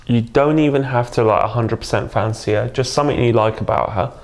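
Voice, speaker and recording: A man's voice: medium pitch, fairly quick, gravelly. A man, a dating coach talking earnestly in a casual interview.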